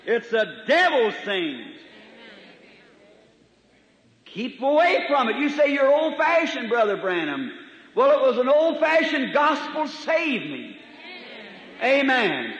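Man, high voice, folksy sermon, booming hall, dull old tape. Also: very animated, slow pace, long pauses. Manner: folksy preaching, swings from loud to soft. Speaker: preacher. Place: church hall. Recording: echoey hall, dull 1950s tape recording.

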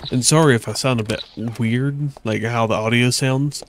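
A young man talks through a horror game in loose, rambling, jokey commentary. His voice sits at an ordinary male pitch, and he is turned partly away from his desk mic. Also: fairly even intonation, normal speed. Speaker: gaming YouTuber. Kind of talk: let's play commentary. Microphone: desk mic, facing partly away.

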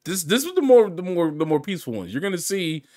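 A man's voice: high voice, very animated, fast, darkish tone. A man giving casual, chatty commentary over news footage, often repeating words as he talks. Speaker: video commentator.

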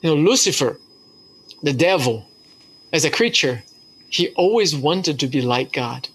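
A man's voice: fairly high pitch, animated, measured pace, a bit bright, slightly rough. Earnest storytelling male preacher. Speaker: pastor. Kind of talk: sermon.

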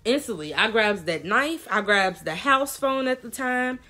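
A woman's voice: on the high side, measured pace, soft background music. Young woman telling a slangy story. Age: young adult. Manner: animated, slangy storytelling with quoted voices. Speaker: vlogger. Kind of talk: storytime vlog.

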